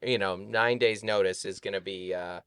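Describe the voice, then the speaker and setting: A middle-aged man co-hosting a podcast, joking and bantering in a lively, quick way. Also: low-pitched, smooth, no echo, clean studio sound. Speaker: podcast co-host and comedian. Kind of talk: casual chat.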